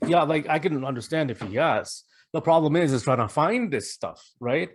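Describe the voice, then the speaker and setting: A man's voice: a little high, expressive, normal speed. A man co-hosting a casual political chat. He talks hesitantly with fillers, then makes pointed remarks. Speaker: podcast co-host.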